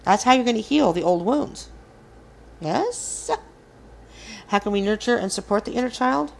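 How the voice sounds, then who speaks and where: A woman's voice: a little high, expressive, normal speed, vocal fry, slight background noise. A woman hosting a casual collective tarot reading, speaking earnestly and encouragingly to her viewers. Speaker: tarot reader.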